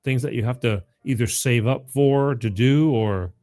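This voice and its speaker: A middle-aged man hosts a casual call-in show and rambles in a loose, chatty way. His voice sits in an ordinary middle pitch. Faint music plays softly underneath. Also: measured pace. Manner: rambling, chatty, laughs often, repeats phone number. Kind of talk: casual call-in radio chat.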